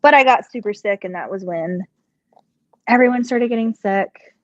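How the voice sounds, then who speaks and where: A woman's voice: medium pitch, normal speed, dry recording. Woman host, middle-aged, rambling casual chat, slightly congested, dry and dull-sounding mic. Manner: chatty and rambling, answers viewer questions. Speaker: sewing channel host. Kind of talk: casual live-stream chat while working.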